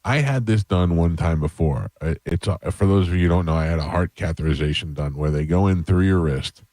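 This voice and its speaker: A radio host telling a long, self-mocking story in a casual, rambling way, with restarts, into a close studio mic. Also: male voice, deep voice, brisk, darkish tone, no room sound.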